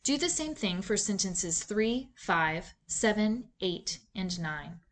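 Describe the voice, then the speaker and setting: A woman narrating a reading lesson in a clear, measured teacher's voice, posing questions to students. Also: medium pitch, expressive. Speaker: reading instructor. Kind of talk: scripted instructional narration.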